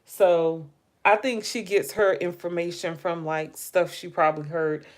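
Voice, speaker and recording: A woman hosting a relaxed livestream, her voice sitting a little low and her talk unhurried. She muses aloud about gossip, speaks straight to her viewers and yawns between thoughts. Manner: chatty, muses aloud, addresses viewers directly. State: yawning, tired. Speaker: livestream host. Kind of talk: casual live gossip commentary.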